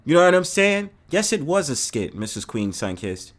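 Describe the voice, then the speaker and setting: Animated New man ranting. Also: on the high side, moderate pace. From New York City. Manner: animated, profane, addresses chat viewers by name. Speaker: host. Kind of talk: casual live-stream rant.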